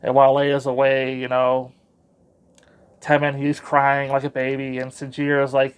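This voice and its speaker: A man's voice: mid-range voice, monotone, a little slow, smooth. A man giving a casual, rambling spoken book review with a sarcastic edge.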